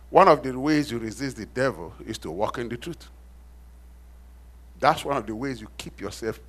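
A middle-aged male pastor preaches a sermon in a mid-range, fairly bright voice. He repeats key phrases and prompts the congregation to complete his sentences.

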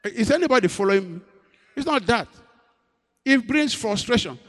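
A man's voice: extremely high pitch, animated, moderate pace, long pauses, fairly bright tone, long reverb tail, soft background music. A man preaching a sermon as pastor, asking his congregation questions and waiting for their replies.

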